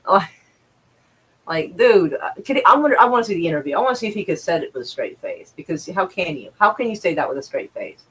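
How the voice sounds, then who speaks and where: A woman's voice: lowish voice, big pitch swings, fast talker, fairly bright tone, slightly rough, low-quality recording. A woman livestreaming, reading news aloud and reacting with sarcastic, profane commentary and exasperated sighs.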